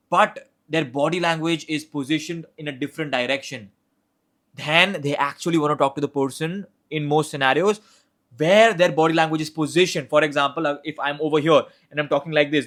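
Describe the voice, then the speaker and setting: Young male coach, slightly higher voice, casual instructional delivery with frequent restarts. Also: a bit bright. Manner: conversational, repeats and restarts words, demonstrates tones of voice. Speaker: communication coach.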